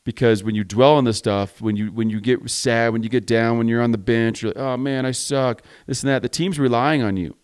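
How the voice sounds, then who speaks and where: A man's voice: medium pitch, fairly quick, hardly any pauses. A man hosting a podcast for contractors, giving a blunt, emphatic motivational talk, stacking repeated phrases and swearing freely. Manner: drives points home with repeated parallel phrases. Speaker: podcast host and contractor coach. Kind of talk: motivational monologue.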